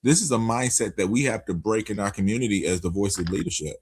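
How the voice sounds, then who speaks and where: A man's voice: fairly low pitch, quick pace, breathy edge. A man on a political talk stream, making his points emphatically. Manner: emphatic, argumentative.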